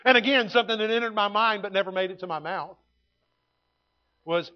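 A man, preaching a sermon in a folksy storytelling way that swings from loud to hushed. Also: sits high, fast talker, highs cut off. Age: 50s. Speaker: pastor. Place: church sanctuary.

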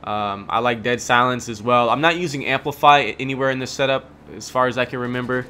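A young man giving relaxed, chatty gameplay commentary, full of ums and self-corrections. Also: medium pitch, fairly quick, a little hiss or hum.

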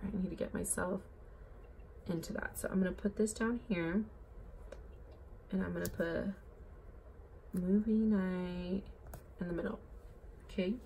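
Young woman, casual planner vlog, chatty and rambling, slight vocal fry, faint hiss behind. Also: on the low side. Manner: bubbly, rambling, says "like" and "oh my gosh" often. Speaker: planner vlogger.

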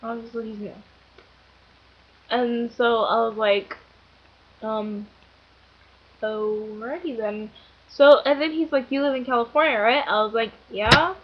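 Young woman, casual storytelling, rambling, giggly, slightly high voice, dull lo-fi recording. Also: fairly even intonation, unhurried, long pauses. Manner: rambling, filler-heavy, giggly. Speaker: vlogger.

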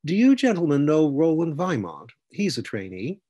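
A man's voice: fairly high pitch, huge pitch swings, normal speed, mellow, muffled recording, pitched above the performer's own voice. Here is a man playing a courteous detective type, politely probing a pair of soldiers in a storybook voice. The tone is inquiring and a little raised, with some husk. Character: curious human male investigator among centaurs.

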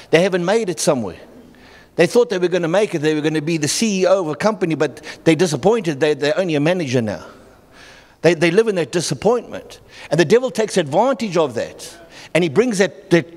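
High-voiced pastor preaching. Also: male voice, a little mellow. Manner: storytelling, halting restarts, acts out the people in his stories. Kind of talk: sermon. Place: church hall. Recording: long reverb in a church hall.

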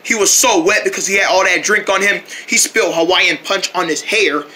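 High, very bright-voiced male storyteller. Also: brisk. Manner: run-on, playful storytelling with sound effects. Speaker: storyteller voicing a character. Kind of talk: rambling first-person story skit.

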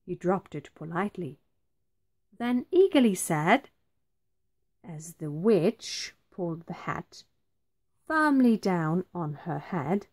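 Very slow, expressive woman reading a storybook. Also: lowish voice. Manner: very slow, expressive, clearly phrased. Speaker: teacher reading aloud. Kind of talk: storybook read-aloud.

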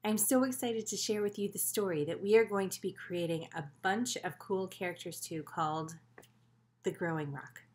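A woman teaching a children's story movement lesson in an animated, encouraging way. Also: mid-range voice.

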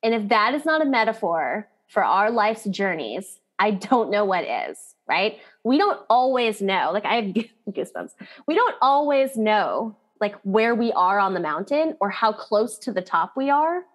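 A woman's voice: medium pitch, sing-song, a little slow. A woman guest on a podcast interview, telling a personal story in a candid, chatty way with lots of "like".

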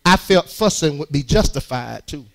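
Man, preacher, high voice, animated call-and-response sermon, church. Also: moderate pace, gravelly. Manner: rises into shouted, strained peaks.

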